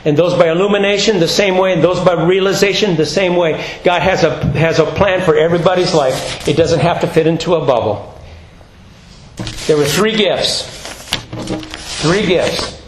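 A pastor delivers a sermon with animated, rising emphasis and quieter, lower stretches. His voice sits a bit high for a man, and the room around him rings with echo. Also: normal speed, a little hiss or hum.

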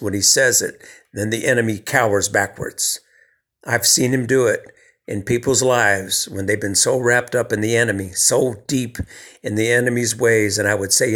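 A man delivers a sermon in a relaxed, conversational way, at a middling pitch. He builds to emphatic lines and then drops to near-hushed softness. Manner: conversational, with emphatic swells and hushed soft passages. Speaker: preacher.

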